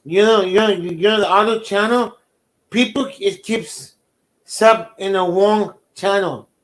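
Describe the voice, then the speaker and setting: A man with a high voice chats on a livestream. He speaks slowly and haltingly, often stumbling and restarting his words. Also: a bit bright. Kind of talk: casual livestream chat.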